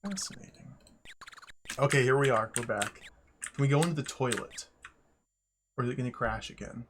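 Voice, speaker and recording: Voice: medium pitch, steady tone, brisk, noisy background. A streamer giving casual let's-play commentary, reading the on-screen game text aloud with wry asides and frequent chuckles. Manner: chuckles often.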